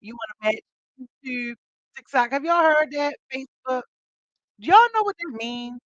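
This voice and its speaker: A fairly high-voiced woman with tells a story to her podcast listeners, laughing as she acts out what people said. The sound is dull and muffled, with no room echo at all. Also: moderate pace. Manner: animated, laughing, acts out quotes. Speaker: podcast host.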